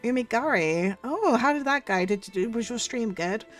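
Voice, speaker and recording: A woman streamer with a cold chats casually and effusively to her viewers. Her voice is husky from the cold. Faint music plays in the background. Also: fairly high pitch, lively intonation, normal speed. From United Kingdom. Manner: chatty and effusive, thanks viewers warmly. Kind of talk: casual livestream chat.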